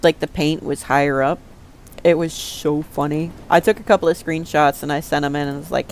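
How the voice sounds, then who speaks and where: A woman game streamer talks to herself while she plays, keeping it casual and muttering swears under her breath. Her voice sits low and a little mellow, with fairly even intonation and a fairly quick delivery.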